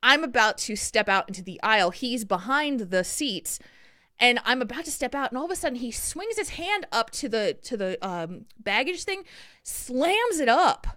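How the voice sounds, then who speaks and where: A woman podcast co-host telling a story in casual chat, animated and acting out the people in it. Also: fairly high pitch, moderate pace, no room sound, clean studio sound.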